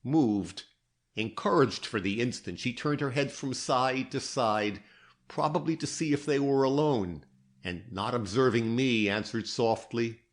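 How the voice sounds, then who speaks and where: Slow, measured male audiobook narrator. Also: mid-range voice. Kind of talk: scripted narration.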